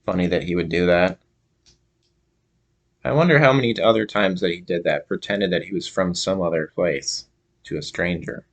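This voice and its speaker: A young man from Minnesota telling a casual story to camera, halting with many fillers and restarts. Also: low-pitched, creaky. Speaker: vlogger.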